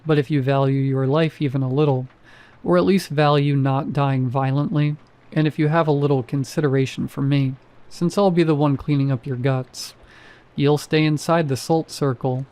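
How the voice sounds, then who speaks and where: A deadpan male security guard who sounds like nothing in the world matters to him, as a male narrator reads him. His voice is mellow and dark-toned, delivered in a flat monotone that stays almost bored. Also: fairly high pitch, normal speed, close to an everyday voice.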